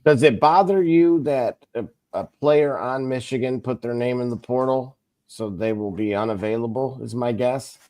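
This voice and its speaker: A man's voice: medium pitch, moderate pace, darkish tone. A man co-hosting a casual sports talk stream, hesitant and restarting as he makes his points. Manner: hesitant, with restarts and fillers while making a point. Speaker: co-host.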